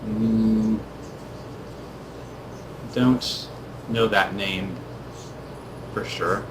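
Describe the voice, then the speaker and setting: A man voicing a calm male paladin official who speaks in a measured, diplomatic, reassuring way. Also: lowish voice, noisy background.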